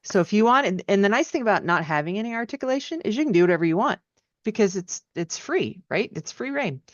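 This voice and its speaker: A woman's voice: mid-range voice, big pitch swings, quick pace, no room sound. Encouraging woman piano teacher, dull recording. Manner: encouraging, sings melodies out in syllables. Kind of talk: friendly teaching feedback. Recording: dry, dull lo-fi sound.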